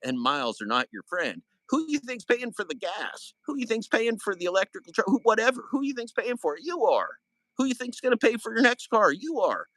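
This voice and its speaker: A man's voice: high-pitched, big pitch swings, a little fast, fairly bright tone, dry recording, low-quality recording. A man hosting a livestream, ranting in anger and confronting someone with swearing and loose dialect grammar. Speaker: livestream host. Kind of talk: heated livestream rant.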